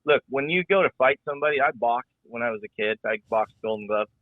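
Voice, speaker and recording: A man's voice: medium pitch, fast, dry recording. A middle-aged man, a former rodeo rider and announcer, talking in a rambling, folksy way on a podcast, often repeating his words. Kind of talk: casual podcast conversation. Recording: tinny phone-like line.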